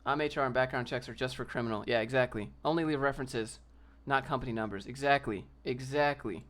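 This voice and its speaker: A man's voice: mid-range voice, quick pace, fairly bright tone. Brash ranting man on a livestream. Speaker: livestream host. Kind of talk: casual livestream chat, reading viewer comments.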